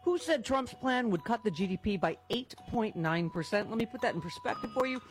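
A woman hosting a political talk radio show, loud and sarcastic, often yelling. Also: fairly high pitch, expressive, fairly quick, faint music behind.

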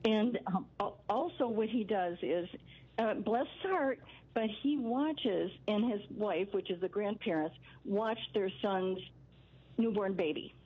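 A woman's voice: mid-range voice, measured pace, husky. An older woman calling in to a radio show, talking in a rambling way with many restarts. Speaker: caller. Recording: dull lo-fi phone line.

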